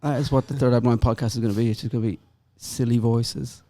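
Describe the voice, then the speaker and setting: A man's voice: mid-range voice, steady tone, fast, dark tone. A man in a band, playfully reading fan questions and wrapping up a casual backstage chat. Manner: playful, laughing.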